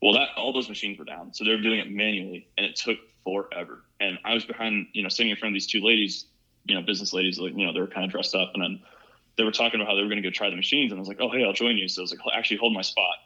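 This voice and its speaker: A young man from Ohio rattles off a story at high speed, his lowish voice edged and sharp. He rambles casually, stuffing every sentence with "like" and "you know". The recording sounds dull and lo-fi. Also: steady tone, racing. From Ohio, USA. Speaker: podcast guest. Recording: muffled lo-fi recording.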